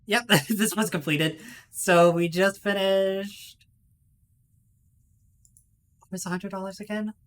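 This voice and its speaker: A woman's voice: medium pitch, steady tone, slow pace, pauses often. A woman streamer chatting casually to her viewers while gaming, swearing freely and laughing often. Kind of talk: casual live-stream chat.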